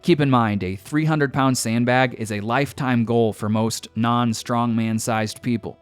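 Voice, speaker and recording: A man's voice: mid-range voice, steady tone, measured pace, clear, resonant tone, faint music behind. A man, a strength coach, giving a confident, emphatic scripted voice-over with direct advice.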